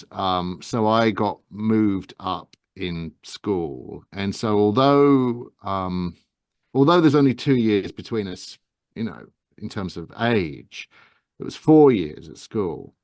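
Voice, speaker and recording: A soft-spoken English man in his fifties whose Estuary accent has been smoothed by actor training. He speaks modestly and hesitantly, restarting his phrases, a little low in pitch and recorded close and dry. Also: expressive, slow pace, dry recording. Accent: softened Estuary English. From England, Medway Towns south of London. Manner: gentle, self-effacing, many fillers and restarts. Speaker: guest, actor and narrator. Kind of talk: casual interview talk.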